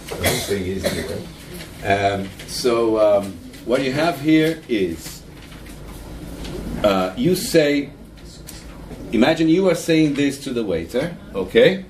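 A man with a Brazilian Portuguese accent gives a conference workshop to teachers. He speaks deliberately and acts out stressed words in slow, exaggerated examples. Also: lowish voice, background noise. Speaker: teacher trainer giving a conference talk. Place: conference hall with an audience. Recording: echoey hall from a distance with audience.

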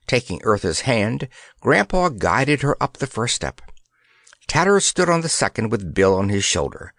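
A man's voice: medium pitch, sing-song, moderate pace, fairly bright tone, no echo, clean studio sound. A man reading a children's fantasy story aloud as an audiobook narrator, telling it expressively.

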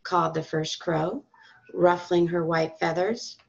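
A woman reading a storybook aloud to school children and parents, in a calm, expressive storytelling manner. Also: fairly low pitch, unhurried, creaky. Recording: dull lo-fi recording.

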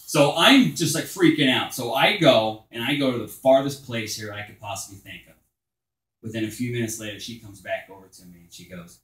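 A man doing crude open-mic stand-up at a bar, telling stories loosely and shouting his punchlines. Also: medium pitch, brisk, reverberant, low-quality recording. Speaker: stand-up comedian. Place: small bar stage.

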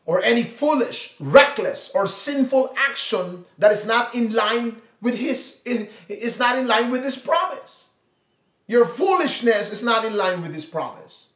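A man preaching a sermon as pastor, swinging from loud emphatic cries down to hushed, prayerful tones. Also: extremely high pitch, expressive, a little slow, reverberant.

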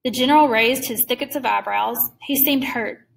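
A woman reads a story aloud in a measured, careful way, slowing down for suspenseful moments. Her voice sits fairly high. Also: gravelly, recorded from a distance. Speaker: reader. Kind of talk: read-aloud story narration.

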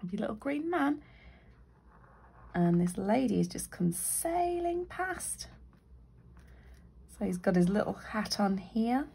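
A woman with a Northern English accent talks through a drawing lesson, thinking aloud as she sketches. Her voice has a gravelly edge and a husky grain. She sounds chatty and unhurried. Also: medium pitch, mellow. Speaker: illustrator teaching drawing. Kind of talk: live drawing tutorial.

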